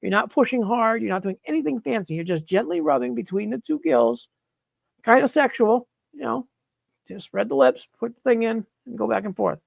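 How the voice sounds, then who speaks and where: A man's voice: extremely high pitch, normal speed, vocal fry, no room sound. A man hosting a live mushroom-growing stream, talking casually while demonstrating and answering questions, blunt and exasperated, swearing freely.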